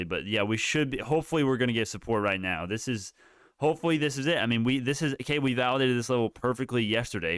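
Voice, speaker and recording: A man's voice: medium pitch, a bit bright, clear, resonant tone, no room sound, clean studio sound. A man hosting a live stock market stream, commenting on price moves in a rambling way, often correcting himself mid-sentence and swearing now and then. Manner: rambling, self-correcting, profane. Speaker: livestream stock market host.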